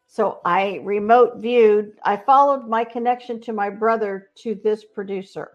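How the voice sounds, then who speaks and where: A woman's voice: medium pitch, unhurried, hardly any pauses, muffled recording. A woman speaking as a spiritual medium, telling stories earnestly in a casual interview. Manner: earnest, animated storytelling with quoted voices.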